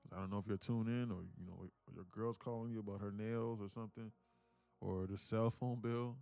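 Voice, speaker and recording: A man's voice: lowish voice, steady tone, brisk, gravelly, warm tone, clear, resonant tone, faint music behind. A man day trader talking casually and bluntly on a live stream, rambling and laughing often.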